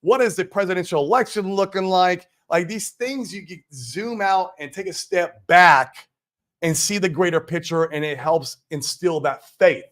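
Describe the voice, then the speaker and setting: Higher-voiced man hosting a crypto stream. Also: normal speed. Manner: loose, slangy and excitable, calls viewers guys and man. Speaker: crypto livestream host. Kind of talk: casual livestream talk.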